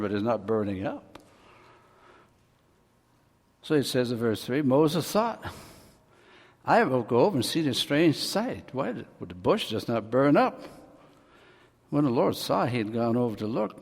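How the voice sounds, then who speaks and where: A man's voice: mid-range voice, a little mellow. A male pastor preaching a sermon in a folksy way, joking with the congregation and swelling his voice for emphasis. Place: church hall. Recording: long hall reverb.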